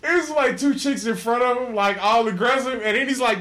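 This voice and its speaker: A man's voice: very high-pitched, brisk. Profane laughing man telling a story. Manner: loud, profane, laughing, acts out quotes. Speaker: podcast host. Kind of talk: drunk casual storytelling.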